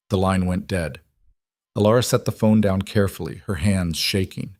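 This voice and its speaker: A man narrating a dramatic story in a steady, scripted reading. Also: deep voice, moderate pace, no echo, studio quality.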